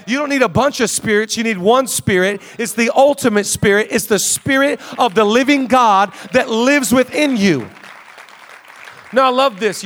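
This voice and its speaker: Male pastor, 30s, higher voice, casual sermon with quick jokey asides. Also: a bit bright. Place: large church auditorium.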